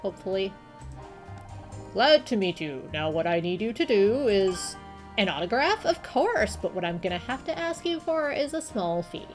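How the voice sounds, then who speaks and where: Brief: woman playing a cheery vain star actress, soft music behind. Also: medium pitch, sing-song, normal speed, close to an everyday voice. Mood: bubbly. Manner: bubbly, self-promoting.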